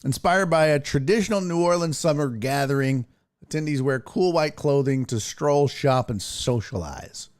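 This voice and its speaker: Slightly high-pitched and speaking at normal speed, a sports talk show host livestreams casually with headphones and a desk mic. He curses a lot while telling animated stories and reading viewer chat aloud.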